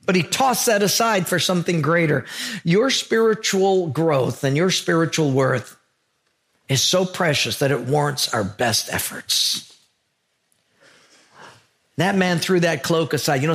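A man's voice: on the high side, animated, measured pace, a bit bright. A man preaching a sermon as a pastor, earnest and emphatic, telling stories to drive his point home.

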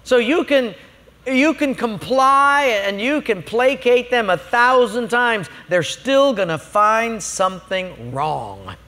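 A man's voice: very high-pitched, animated, slow pace, bright, forceful tone, in a large hall. A man preaching a sermon as a pastor, emphatic and humorous, telling stories to make his points.

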